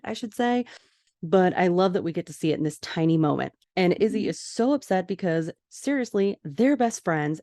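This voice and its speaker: A podcast host talks through a TV episode in a casual, lively way. She acts out the characters' lines as she goes. Her voice sits fairly low, and it is recorded dry and close. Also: dry recording. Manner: animated, acts out quoted lines.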